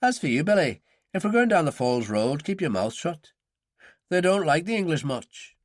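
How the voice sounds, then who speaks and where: Dry, wry operative, read by a male narrator, middle-aged, lively delivery. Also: a little high, moderate pace, dry recording, voice pushed up.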